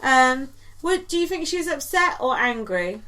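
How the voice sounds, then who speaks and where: Woman podcast co-host, highish voice, rambly, giggly, filler-heavy recap. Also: very animated, moderate pace, pushed and bright. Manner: chatty, lots of ums and likes, giggly asides. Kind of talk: casual recap chat.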